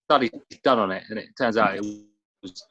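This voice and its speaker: A man on a podcast, recounting a theory in a halting, hesitant way. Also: fairly low pitch, sharp tone, no echo. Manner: hesitant, halting, many restarts. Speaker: podcast co-host. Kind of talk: casual conversation. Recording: dull dry lo-fi sound.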